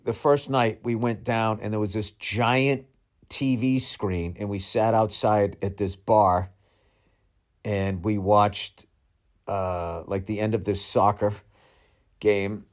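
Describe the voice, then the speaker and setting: A man's voice: fairly low pitch, fairly even intonation, slow pace, long pauses. A middle-aged male comedian telling a rambling, profane, self-mocking story in a podcast monologue.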